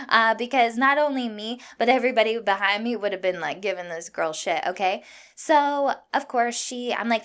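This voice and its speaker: A young woman from Iowa hosting a podcast, telling a story in a fired-up, profane, animated way. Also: medium pitch, fairly quick. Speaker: podcast host. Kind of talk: casual storytelling monologue.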